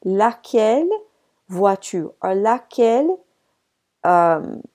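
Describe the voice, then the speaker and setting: In a relaxed recorded lesson, a woman teacher explains French grammar, slipping in fillers, asides and a slight cough. Her voice is mid-range and slow, and she seems to have a bit of a cough.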